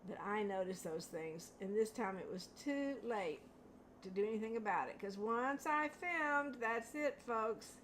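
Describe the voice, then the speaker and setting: A woman's voice: medium pitch, expressive, a little slow, fairly bright tone, slight background noise. An older woman hosting a home craft video, chatting in a rambling way and laughing at herself while she paints. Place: home studio.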